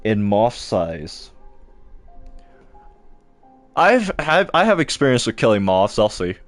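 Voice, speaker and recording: A man's voice: lowish voice, big pitch swings, takes it slowly, no room sound, faint music behind. A young man chatting casually to his live-stream audience while playing a game, stumbling over words as he talks.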